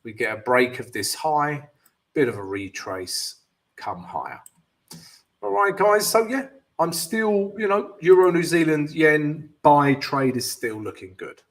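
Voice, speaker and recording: A man hosting a live trading stream, casually talking through chart analysis and answering viewers, often calling them guys and filling pauses with yeah and um. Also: on the high side. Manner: casual, addresses viewers as guys, many fillers.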